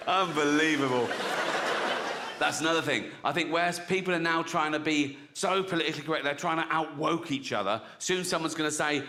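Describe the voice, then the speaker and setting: A man's voice: on the high side, fairly quick, pushed and bright. A middle-aged man doing stand-up, talking bluntly and chattily and often laughing at his own jokes. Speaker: stand-up comedian. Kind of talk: stand-up comedy set. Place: live venue with audience. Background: audience laughter and applause.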